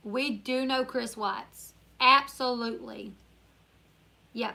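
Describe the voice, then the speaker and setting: This YouTuber, a tired woman from Northern Louisiana with a country accent, runs a casual live-stream Q&A, chatting and reading viewer comments aloud. Her voice sits on the high side, gravelly yet bright, with a steady, forceful tone and a slow pace.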